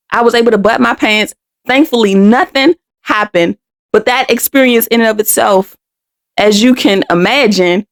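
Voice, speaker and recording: A woman's voice: medium pitch, vocal fry. A middle-aged woman from Washington DC hosting a podcast, telling a personal story candidly and with emotion, often restarting and repeating words. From Washington DC, United States. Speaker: podcast host.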